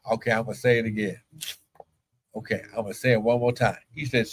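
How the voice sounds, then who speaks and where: Male pastor, fervent preaching with bursts of shouted praise, mid-pitched voice. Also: fast, husky, low-quality recording. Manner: preaching with sudden loud cries and speaking in tongues. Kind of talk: livestream sermon with prayer.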